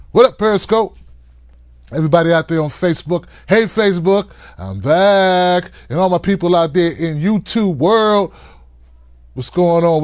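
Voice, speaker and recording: Male live-stream host, playful and hyped, high-voiced, dry sound. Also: dry recording. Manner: hyped, playful, hollers shout-outs to viewers. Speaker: host of a call-in show. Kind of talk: live-stream talk show monologue.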